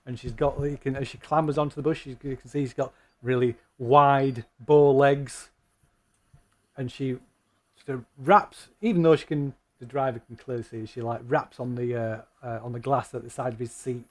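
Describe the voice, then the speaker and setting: A man running a tabletop game as game master, narrating in a rambling, halting way. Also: mid-range voice, fairly even intonation.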